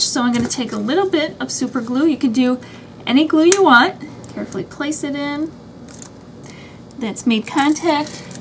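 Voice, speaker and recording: A woman's voice: high voice, a little hiss or hum. A woman hosting a craft tutorial, chatting through each step as she works with her hands. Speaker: craft channel host.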